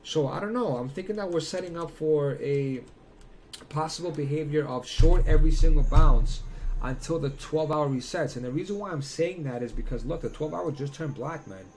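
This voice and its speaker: A man's voice: on the high side, expressive, fairly quick, hardly any pauses, darkish tone, slight background noise. A man doing casual crypto chart analysis, blunt and profane, who slips into heated rants. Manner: blunt, swearing, ranting.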